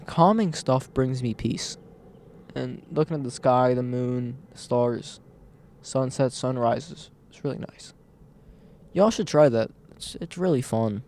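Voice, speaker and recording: A man's voice: medium pitch, takes it slowly, a little mellow, a little hiss or hum. A man talking casually and earnestly straight into a camera for a vlog, rambling and repeating his points. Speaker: vlogger. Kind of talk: casual motivational vlog talk. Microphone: camera mic.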